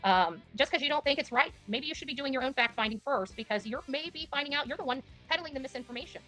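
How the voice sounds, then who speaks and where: A woman lecturing her audience in a pointed, fast manner. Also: sits high, expressive, bright, forceful tone, faint music behind. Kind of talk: lecturing stream commentary.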